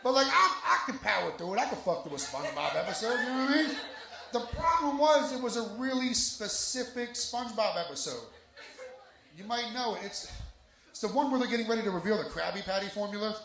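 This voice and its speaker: A man's voice: high-pitched, animated, fairly quick, creaky. A man doing a live stand-up set on a lounge stage, telling raunchy, self-deprecating stories into a stage mic. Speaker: stand-up comedian. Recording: echoey lounge with background noise.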